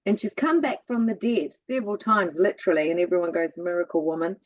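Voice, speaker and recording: A woman guest in a casual chat, telling lively stories with a musical cadence in her speech. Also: medium pitch, fast talker, dull audio.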